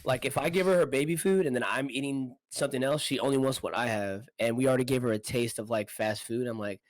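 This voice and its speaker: Male podcast co-host, relaxed and slangy, mid-pitched, dry close mic. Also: fast talker, no room sound, rough recording. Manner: laid-back, laughs often, slangy. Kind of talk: casual podcast chat. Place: apartment.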